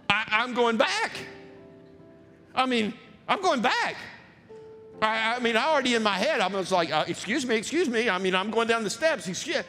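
Male pastor, high and expressive, animated storyteller, long church reverb. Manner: animated, acts out voices in his story, shouts and laughs. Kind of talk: sermon with storytelling.

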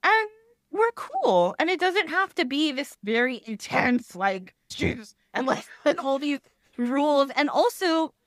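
A woman guests on a podcast in casual chat, rambling in an animated way, laughing often, and acting out quoted voices. Her high voice is unhurried, and the studio-quality recording has no echo.

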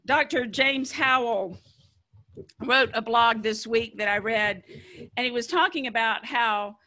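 Woman pastor, high voice, chatty animated sermon delivery. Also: measured pace, slight background noise. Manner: conversational and animated, musing aloud.

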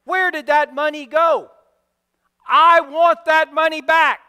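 A man voicing a stern, demanding king who rattles off threats in rapid bursts, with long hall reverb. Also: very high voice, pushed and bright, smooth, voice pushed up. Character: stern demanding wealthy king, male, adult.

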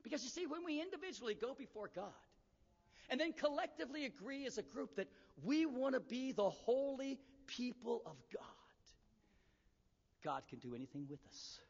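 Animated male preacher in an echoey hall. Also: very high-pitched, normal speed, gravelly. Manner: animated storyteller acting out dialogue. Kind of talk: sermon storytelling. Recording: echoey hall, dull lo-fi sound.

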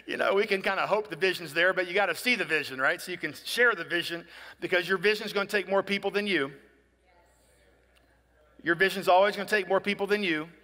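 A man preaching a sermon in a high, bright and forceful voice, chatty and direct, often checking in with his listeners. His voice rings through a large hall with a long reverb. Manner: conversational, asks "right?" often, acts out people in dialogue. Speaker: pastor.

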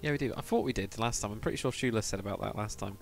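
A man's voice: fairly low pitch, racing, vocal fry, faint music behind. A man on a casual live stream, thinking aloud and muttering to himself as he builds, stopping now and then to read out and answer viewer chat.

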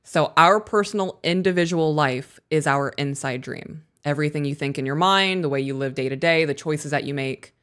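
A woman co-hosting a podcast, talking casually and telling stories in a candid, animated way, swearing freely. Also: deep voice, moderate pace, few pauses. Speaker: podcast co-host.

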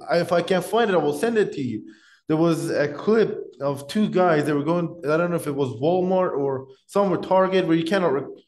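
A man's voice: on the high side, a little mellow. Blunt, swearing male podcast host. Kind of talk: casual podcast conversation.

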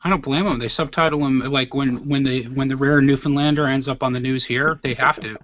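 A man's voice: mid-range voice, steady tone, a little fast, a bit bright. A man co-hosting a live podcast, making wry, dry one-liners. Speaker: podcast co-host. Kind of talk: casual live podcast chat. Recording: dry, lo-fi online call audio.

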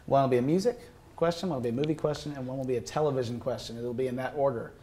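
A man's voice: medium pitch, racing, warm tone. A young man hosts a casual student game show. His delivery is playful and loose, with frequent laughter between the questions. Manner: playful, jokey, laughs often.

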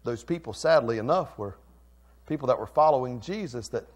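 A male pastor preaching a passionate sermon that swings between loud and soft. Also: mid-range voice, expressive, brisk.

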